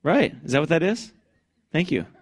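A man preaching a fervent Baptist sermon, swinging from conversational asides into loud, high-pitched bursts of scripture. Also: big pitch swings, moderate pace, no room sound.

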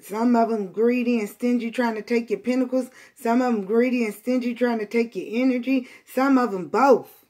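A woman's voice: fairly high pitch, fairly even intonation, normal speed. Blunt, profane woman giving a tarot reading. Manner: blunt and profane, swinging between loud outbursts and quiet, emotional asides; repeats phrases for emphasis. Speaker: tarot reader. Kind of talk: tarot reading addressed to viewers.

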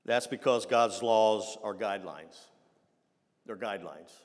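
A man preaching a conversational sermon, with frequent restarts and asides to the congregation. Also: fairly low pitch. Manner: conversational, halting with many restarts. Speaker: pastor. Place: church sanctuary. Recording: long reverb of a church hall.

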